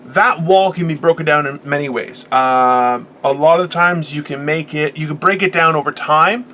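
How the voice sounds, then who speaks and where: A man's voice: fairly high pitch, normal speed, pushed and bright, slight background noise. A man in his forties hosting a podcast, delivering a profane, boisterous comedic motivational rant. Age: 40s. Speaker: podcast host.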